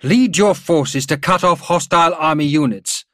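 A man's voice: on the high side, normal speed, a bit bright, no room sound, studio quality, pitched above the performer's own voice, close to an everyday voice. Man voicing a curt, officious general. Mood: demanding. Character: stern older male Imperial general. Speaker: military general on a vox link.

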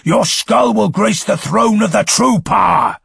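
A man's voice: sits high, measured pace, creaky, a bit bright, breathy edge, no echo, clean studio sound, voice pushed up, heavily acted. A man voicing a cruel giant armored warrior with a guttural, roaring voice in an audiobook. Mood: raging.

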